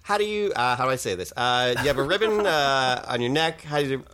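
A man's voice: medium pitch, expressive, brisk, sharp tone. A man putting on a stammering hook-handed hitchhiker. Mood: eager stammer. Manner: stammering, eager.

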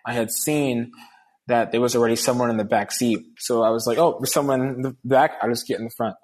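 A man's voice: mid-range voice, fairly even intonation, fairly quick, darkish tone. A man telling a long personal story in casual conversation, earnestly acting out the dialogue of the people in it. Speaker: guest.

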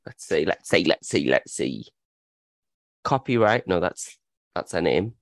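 A man co-hosting a podcast in casual, excitable chat and swearing freely. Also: low voice, unhurried, no room sound. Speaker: podcast co-host.

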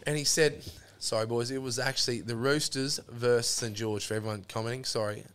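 Aussie bloke telling a yarn, swears heaps, rambles on, says mate a lot. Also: male voice, medium pitch, fairly even intonation, brisk, fairly bright tone, clean tone. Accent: Australian. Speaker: podcast guest. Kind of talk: casual storytelling.

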